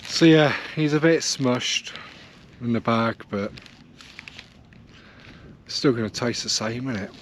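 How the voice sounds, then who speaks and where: A man's voice: mid-range voice, slow pace, creaky, long pauses, a little hiss or hum. A man, chatting easily to the camera while walking on open moorland. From South West England. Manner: chatty, rambling, easygoing, talks to camera while hiking. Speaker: wild camping vlogger. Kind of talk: casual walking vlog commentary. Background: faint outdoor ambience.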